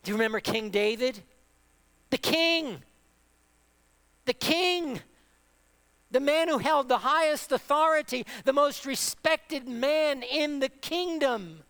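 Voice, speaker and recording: High, bright-voiced male preacher. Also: normal speed, hardly any pauses. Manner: impassioned preaching with rhetorical questions and repetition. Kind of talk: sermon.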